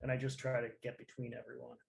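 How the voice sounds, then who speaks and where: A man playing a tabletop game, describing his moves in a halting, restarting way. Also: medium pitch, monotone, vocal fry. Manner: halting, restarts often while describing actions. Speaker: player. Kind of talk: casual in-character chat.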